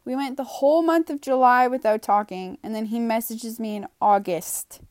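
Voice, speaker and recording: A woman's voice: fairly high pitch, moderate pace, darkish tone, no room sound, clean studio sound. A young woman telling a casual storytime, rambling and exasperated, full of "like" and "you know", now and then swearing for emphasis. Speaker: vlogger.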